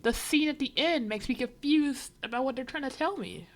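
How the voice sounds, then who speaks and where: A woman's voice: high voice, normal speed. Exasperated woman ranting on stream. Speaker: livestreamer. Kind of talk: casual reaction commentary.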